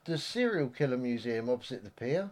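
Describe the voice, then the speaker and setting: A man's voice: medium pitch, sing-song, brisk. A man telling a rambling anecdote in casual chat, often acting out what people said. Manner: chatty anecdote-teller, slips into quoted voices.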